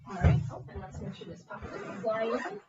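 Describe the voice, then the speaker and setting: Young woman, bright higher voice, encouraging music teacher; recorded from a distance in an echoey room, slightly dull sound. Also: sing-song, fast talker, heavy background noise. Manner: upbeat, coaching with frequent okay checks. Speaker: bassoon teacher. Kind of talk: encouraging one-on-one music lesson.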